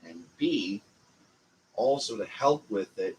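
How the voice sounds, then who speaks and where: A man with a Canadian accent walks through a lesson in a slow, unhurried way, pausing on fillers as he goes. His voice sits fairly low, with a faint hum of room noise behind him. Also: expressive, darkish tone, low-quality recording. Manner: slow, meandering, with frequent fillers. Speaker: channel host teaching a growing class. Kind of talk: casual instructional talk.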